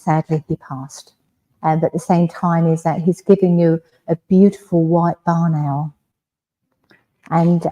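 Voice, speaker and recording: In a village hall, an English woman with a fairly low voice gives a mediumship demonstration. She speaks gently and reassuringly, often checking in with "all right?".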